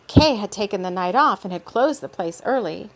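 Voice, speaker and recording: A woman reading her own story aloud in a relaxed way, stopping now and then for unscripted asides. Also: medium pitch, moderate pace. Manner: relaxed, with off-script asides and laughs.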